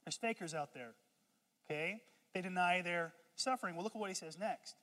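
An animated preacher delivering a sermon with call-and-response, talking at a medium pitch. The voice soars high and loud in playful asides, then settles back. Long reverb of a large church hall trails every phrase. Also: fairly quick. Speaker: pastor.

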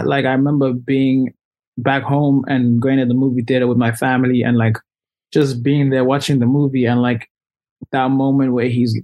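A young man being interviewed as a musician, telling a story in a loose, animated way with lots of fillers. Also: medium pitch. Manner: animated, loose, heavy use of "like". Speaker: musician guest.

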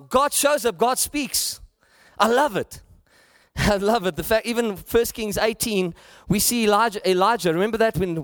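A man's voice: high voice, dry recording, clean studio sound. A middle-aged man with a South African accent, preaching a sermon with rising emphasis and repeated phrases. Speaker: pastor.

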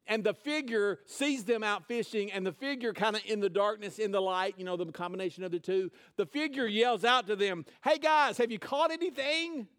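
A man's voice: sits high, brisk, few pauses, a bit bright, clean tone. A man preaching a sermon, retelling a scripture story in casual, conversational words. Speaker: pastor.

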